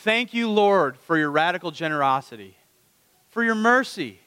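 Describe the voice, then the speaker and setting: Bright-voiced man preaching a sermon. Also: high-pitched, normal speed, smooth, in a large hall. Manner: animated, rhetorical questions to the congregation. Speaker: pastor.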